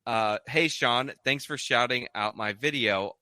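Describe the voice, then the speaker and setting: A man's voice: mid-range voice, measured pace, pushed and bright, no room sound. A man hosting a casual live stream, reading viewer messages aloud with lots of "like" fillers. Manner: reads donor messages aloud with many "like" fillers. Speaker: streamer reading super chats.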